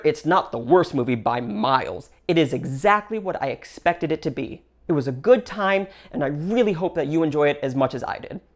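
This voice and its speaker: A woman hosting her own channel, giving an upbeat solo movie review with lively swings in her voice. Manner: gushing and upbeat, with big pitch swings between phrases. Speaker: film reviewer and channel host.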